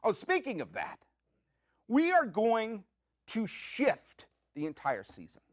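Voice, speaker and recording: A man hosting his own podcast, talking in an excitable, jokey, rambling way with quick asides from a community media studio. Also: sits high, no echo. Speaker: podcast host. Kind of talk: comic solo podcast monologue.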